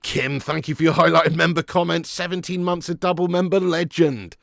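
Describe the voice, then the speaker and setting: A man's voice: a little high, steady tone, normal speed, vocal fry, fairly bright tone, dry recording, clean studio sound. A man hosting a live football watch-along, chatting with viewers by name and commentating with sarcasm.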